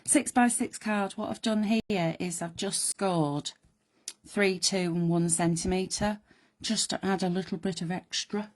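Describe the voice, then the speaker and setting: A woman with a croaky voice hosting a live card-making demonstration, chatting in rambling asides to her viewers. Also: fairly low pitch, a little slow. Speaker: crafting host.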